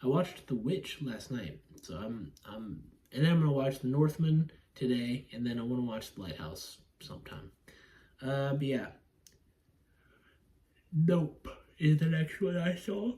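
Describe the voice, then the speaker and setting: Sleepy and yawning now and then, a man reviews a movie casually at home, rambling, swearing freely, laughing, and acting out scenes. He speaks a little slowly in a mellow, animated, mid-range voice.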